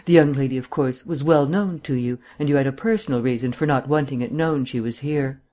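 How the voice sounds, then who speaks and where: A man reading an audiobook, voicing a cool, cynical gentleman detective with a drawling, mildly mocking manner. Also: medium pitch, brisk, lightly acted. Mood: urbane, amused.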